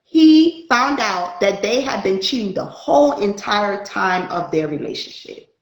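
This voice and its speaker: A woman's voice: mid-range voice, measured pace, reverberant, low-quality recording. A woman, a spiritual light worker, telling a story in casual chat and acting out the dialogue. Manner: animated, acts out dialogue in her story.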